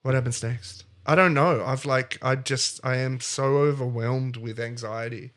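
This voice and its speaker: A man's voice: mid-range voice, fairly even intonation, unhurried, a bit bright. A man co-hosting a comedy podcast, retelling a story in a playful, rambling way. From not American. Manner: playful, rambling, self-interrupting. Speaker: podcast co-host.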